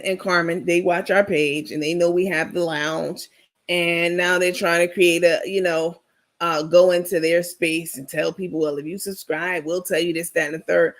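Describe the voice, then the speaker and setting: Chatty woman host with vocal fry. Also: on the low side. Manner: chatty, digressive, talks straight to viewers. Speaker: livestream host. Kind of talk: casual gossip commentary.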